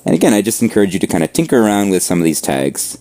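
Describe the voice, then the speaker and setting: A man teaching a coding class over a screen share, explaining at a relaxed pace and checking in with "right?". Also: on the low side, racing. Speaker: coding instructor.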